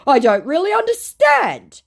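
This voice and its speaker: A woman's voice: very high-pitched, huge pitch swings, a little slow, vocal fry, voice pushed up, full character voice. A woman voicing a clueless, pushy male online scammer who speaks broken English in an eager, overexcited way.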